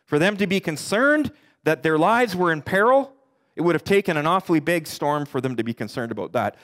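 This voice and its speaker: A middle-aged pastor preaching a sermon earnestly, his voice climbing for emphasis and sinking low for the darker points. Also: lively intonation, a bit bright. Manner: earnest preaching, rising and dropping in pitch for emphasis; quotes scripture in slow deliberate voice.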